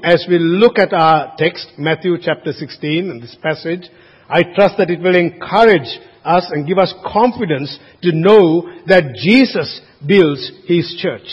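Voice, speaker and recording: A man with a high, husky voice preaches a sermon to his congregation. He is earnest and emphatic, often restarting phrases and tossing in casual asides. The recording is dull and lo-fi, with a long reverb trailing off the church walls. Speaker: pastor. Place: church sanctuary.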